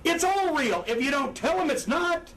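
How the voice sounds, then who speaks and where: Brief: older ex-wrestler guest, high and animated, cursing freely, heard from a distant mic with faint room noise. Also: male voice, moderate pace. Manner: profane, animated, acts out crowd and wrestler voices. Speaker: former pro wrestler, guest. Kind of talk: candid interview storytelling. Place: indoors, seated on a couch.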